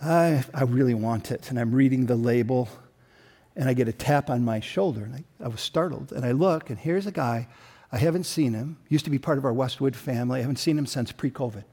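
A man as pastor preaching a sermon, telling a story and building to emphatic peaks, with frequent throat-clearing. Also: medium pitch, brisk, mellow.

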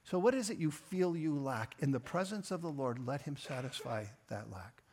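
A man preaching a sermon, earnest and personal, rising and swelling on key phrases and dropping soft at the ends of lines. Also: fairly high pitch, expressive, moderate pace, a little hiss or hum. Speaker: pastor.

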